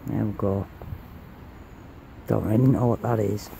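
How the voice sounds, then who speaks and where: Slow-talking man by a river. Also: lowish voice, fairly even intonation, creaky, mellow, poor audio. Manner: muttering to himself while searching. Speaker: mudlarker. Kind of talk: casual outdoor commentary. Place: outdoors on a river bank. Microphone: handheld camera mic. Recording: outdoor noise on camera mic.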